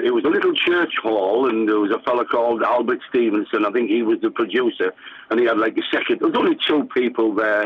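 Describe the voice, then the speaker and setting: An older man from England tells stories of his old band days, rambling and circling back with fillers and restarts. His voice is a little husky, and it comes through a thin, tinny phone-like radio line. The sound is dry, with no room around it. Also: medium pitch, dry recording. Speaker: guest musician. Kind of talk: reminiscing radio interview.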